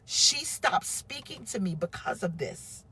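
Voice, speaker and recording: A woman's voice: lowish voice, measured pace, breathy edge. A woman pastor, telling her own story with feeling to a live-stream audience. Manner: emotional, animated storytelling with acted quotes.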